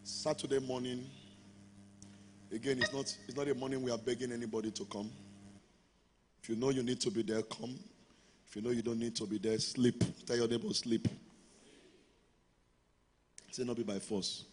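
A man's voice: mid-range voice, level tone, moderate pace, pauses often, a little mellow, slight background noise. A man preaching a sermon as pastor, leading the congregation in call-and-response. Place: large church hall. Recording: long hall reverb with music.

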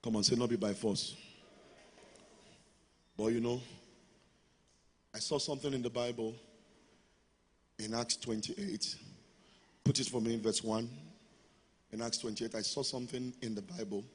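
A man's voice: medium pitch, steady tone, unhurried, long pauses, breathy edge. A man preaching a sermon as pastor, leading the congregation in call-and-response. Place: large church hall. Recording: long hall reverb with music.

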